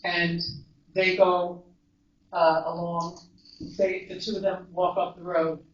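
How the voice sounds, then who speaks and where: A woman, a mental health counselor, giving an earnest, measured storytelling talk to a live audience. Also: on the low side, flat delivery, slight background noise. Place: large echoey event room. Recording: echoey, distant, dull live recording.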